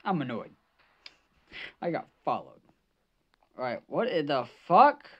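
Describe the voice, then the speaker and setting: A woman's voice: low voice, very animated, measured pace. A woman gamer giving live gaming commentary, jumpy, swearing and shrieking at scares, on a slightly dull lo-fi mic.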